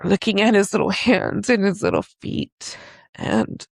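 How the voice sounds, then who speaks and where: A woman hosting a podcast, recounting something painful in a slow, confessional way. Her voice is strongly gravelly with fry and sits fairly high, rising and falling widely as she speaks. The sound is dry and close. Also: wildly swooping pitch, no echo. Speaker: podcast host. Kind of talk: reflective personal storytelling.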